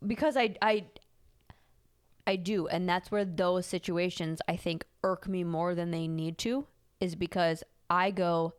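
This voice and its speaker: Podcast co-host, female, lowish voice, dry close sound, reflective and exasperated. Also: measured pace, clear, resonant tone, no echo. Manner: self-reflective, frustrated, rising into exasperated outbursts. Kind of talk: casual conversation.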